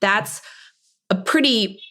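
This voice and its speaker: A woman in her forties, a lawyer, speaking as an interview guest in an articulate, measured, explanatory way. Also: mid-range voice, sharp tone. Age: 40s. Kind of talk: casual interview. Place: hair salon.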